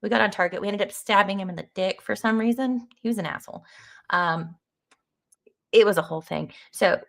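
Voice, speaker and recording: A woman's voice: medium pitch, gravelly, a bit bright. A woman hosting a casual live stream of an AI text adventure, chatting loosely with lots of fillers and greeting viewers.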